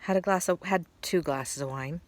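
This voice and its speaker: A woman's voice: on the low side, normal speed, no echo. A middle-aged woman casually telling a personal story, rambling and restarting her sentences, heartfelt and close to tears at times. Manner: rambling, restarts sentences, laughs between thoughts. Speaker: vlogger.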